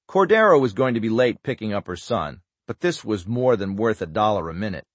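A man narrating a thriller audiobook in an even, subdued voice. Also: on the low side, fairly quick, hardly any pauses, no room sound.

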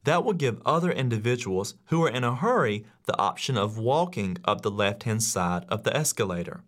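A man reading his own classroom rules aloud in a measured, instructive audiobook narration. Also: fairly low pitch, lively intonation, fairly bright tone. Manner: measured, instructive, acts out quoted lines.

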